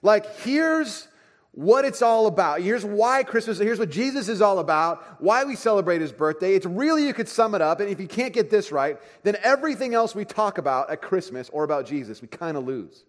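A man in his thirties, a pastor preaching a sermon, telling a family story with lively swings between soft asides and excited bursts. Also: high-pitched, moderate pace. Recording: long hall reverb.

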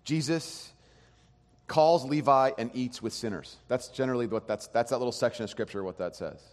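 A man preaching a sermon as pastor, animated, swinging between hushed and loud. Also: mid-range voice, normal speed. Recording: long hall reverb.

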